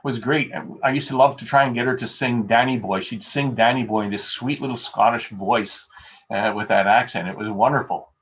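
A man's voice: medium pitch, steady tone, fairly quick, a bit bright. A male pastor giving a conversational sermon over a video call, telling everyday stories with a self-deprecating touch. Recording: dull lo-fi video call audio.

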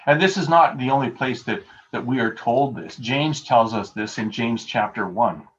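A man's voice: mid-range voice, moderate pace, lo-fi sound, a little hiss or hum. A man preaching a sermon as pastor, earnest and emphatic, repeating key phrases for weight.

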